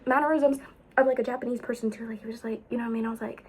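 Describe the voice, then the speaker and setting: A young woman telling a rambling storytime vlog, full of fillers, jumping between loud exclaims and whispers. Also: fairly high pitch, fairly even intonation, quick pace, husky, poor audio. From United States. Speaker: vlogger.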